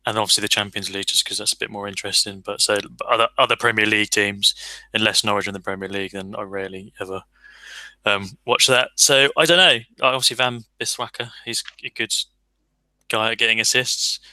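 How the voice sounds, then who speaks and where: Man, podcast co-host, casual rambling chat, lowish voice, very bright tone, dry sound. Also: no room sound, low-quality recording. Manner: rambling, self-deprecating, enthusiastic.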